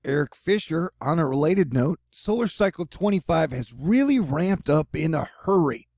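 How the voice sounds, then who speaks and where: A man's voice: a little high, animated, moderate pace, creaky, a little mellow, dry recording, studio quality. A man hosting his own news video, talking in a laid-back, jokey way full of slangy asides. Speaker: solo news video host. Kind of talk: casual talking-head commentary.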